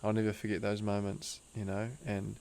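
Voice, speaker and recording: A man's voice: on the low side, monotone, moderate pace, vocal fry. A man telling a personal story in a casual, earnest way, full of laid-back slang. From Australia. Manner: laid-back slang, calls the host bro; earnest and emotional, drifts into soft hushed tones. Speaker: guest, breathwork teacher.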